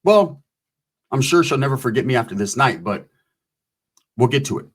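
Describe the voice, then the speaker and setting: A man's voice: mid-range voice, expressive, normal speed. A man casually telling a long, profane story, acting out the voices of the people in it. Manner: profane, rambling, acts out voices.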